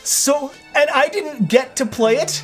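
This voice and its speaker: A man's voice: extremely high pitch, measured pace, fairly bright tone, faint music behind. A man co-hosting a casual chat, telling his side of a story in a teasing, sarcastic way. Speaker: co-host.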